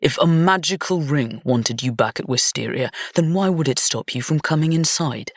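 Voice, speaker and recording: A woman's voice: sits low, animated, normal speed, no room sound, clean studio sound. A woman voicing a haughty, scornful young nobleman in an audiobook, with a sneering, insulting manner. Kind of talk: audiobook character reading.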